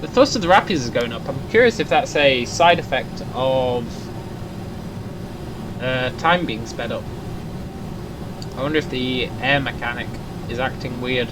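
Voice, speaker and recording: A man's voice: mid-range voice, expressive, unhurried, pauses often, background noise. A young man giving casual gameplay commentary, thinking aloud and muttering to himself as he plays. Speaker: gaming YouTuber.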